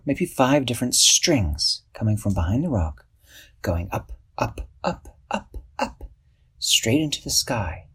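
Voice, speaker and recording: Brief: husky male storyteller, animated, lingers on spooky bits. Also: mid-range voice. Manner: expressive, slows for suspense. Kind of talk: children's story narration.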